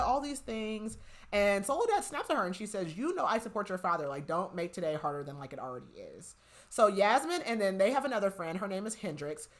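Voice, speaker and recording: Young woman, podcast host, low-pitched, chatty, casual book recap, lots of "like". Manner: chatty, heavy use of "like", retells scenes with quoted lines.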